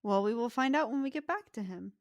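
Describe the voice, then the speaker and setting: A woman narrating as game master of a tabletop role-playing game, in calm, measured storytelling. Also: on the high side, no echo, clean studio sound. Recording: faint music behind.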